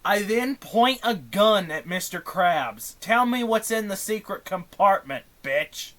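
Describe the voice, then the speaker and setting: A man's voice: high voice, expressive, slow pace, fairly bright tone, a little hiss or hum. A young man streaming a chatbot role-play game, casual and exasperated, swearing often. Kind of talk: casual live-stream commentary.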